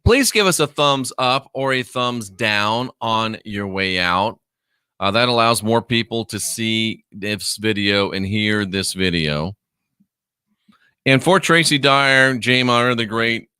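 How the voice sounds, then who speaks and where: A man's voice: fairly low pitch, pushed and bright, clear, resonant tone, no echo, clean studio sound. A man who used to be a minister hosting a livestream, drawling sarcastically while he reads viewer comments aloud. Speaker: online show host, former minister. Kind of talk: livestream commentary reading chat.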